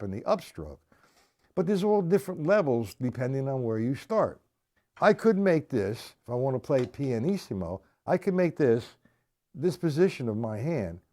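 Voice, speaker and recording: A man's voice: mid-range voice, dark tone. A man giving a live-streamed drum lesson, talking casually, repeating his points and checking in with his viewers. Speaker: drum teacher. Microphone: live stream camera mic.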